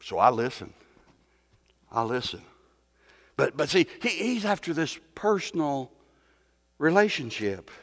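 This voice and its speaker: A man's voice: fairly high pitch, big pitch swings, unhurried, long pauses, fairly bright tone, big-room sound. A man preaching a sermon as pastor, talking in a folksy way, with rhetorical questions and stumbling repeats.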